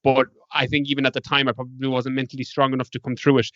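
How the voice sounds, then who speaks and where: A man's voice: mid-range voice, little pitch movement, very fast, pushed and bright, no room sound. An Irish man, a podcast guest, telling stories in a casual interview and acting out past conversations with animation. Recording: dull lo-fi dry sound.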